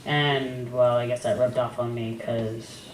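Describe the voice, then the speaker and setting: Halting young man in an echoey hall. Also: medium pitch, flat delivery. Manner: halting, wry, with hesitations. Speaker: son of the deceased, speaking at the memorial. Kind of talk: memorial speech. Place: memorial service hall. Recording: echoey hall from far off with background noise.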